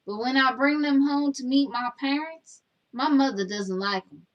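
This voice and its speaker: A woman's voice: sits high, moderate pace, highs cut off, lightly acted. A woman playing Daisy, a sassy, bossy Southern woman with a Southern US accent, co-hosting a comedy show and teasing her partner while reading viewer comments. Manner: scolding, bossy, animated storytelling. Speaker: co-host.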